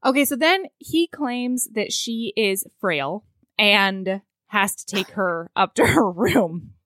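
A woman's voice: mid-range voice, expressive, slow, fairly bright tone, no echo, studio quality. A woman co-hosting a podcast, casually recapping a story and acting out the characters' lines. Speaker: podcast co-host recapping a book. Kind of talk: casual chat.

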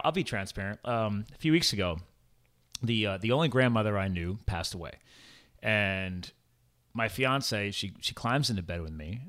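A man's voice: on the low side, fairly bright tone. A young man talking candidly as a podcast guest, rambling and often saying "man". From farm upbringing, rural. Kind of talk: casual conversation.

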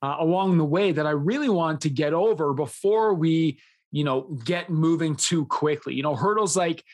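A man's voice: on the high side, normal speed. A man in his thirties hosting a solo podcast, talking in an earnest, enthusiastic way, often smiling as he speaks. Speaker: podcast host.

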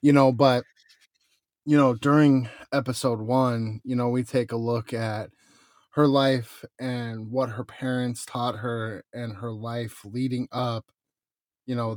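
A man hosts a podcast in a relaxed, conversational way, filling pauses with "you know." His voice is mid-pitched. The recording is dry and close. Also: no echo. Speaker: podcast host. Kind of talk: casual chat.

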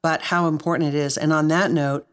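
A woman's voice: deep voice, steady tone, a little fast, clear, resonant tone. A woman hosting a podcast, speaking earnestly to her guest and listeners, choked up with emotion. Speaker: podcast host. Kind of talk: heartfelt interview chat.

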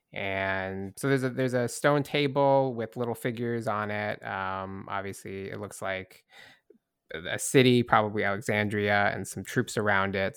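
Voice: deep voice, a bit bright, clear, resonant tone, no echo, clean studio sound. A game master narrating a tabletop game in a hesitant way, with many restarts.

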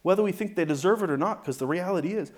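A man, a pastor, preaching a conversational sermon, often asking "right?" and shifting his loudness for emphasis. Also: high voice, rapid-fire.

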